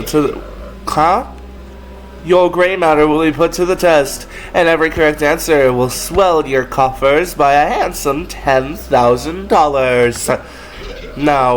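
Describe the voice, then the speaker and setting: A man voicing a theatrical, sinister game show host, speaking in a slow, drawn-out showman manner. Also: fairly high pitch. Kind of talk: reading game dialogue aloud.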